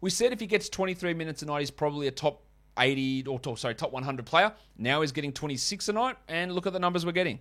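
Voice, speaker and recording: A man's voice: on the high side, fairly bright tone. Wry man reading stats. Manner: chatty, wry asides, quick stat rundowns. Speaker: podcast host. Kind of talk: fantasy basketball podcast commentary and ad reads.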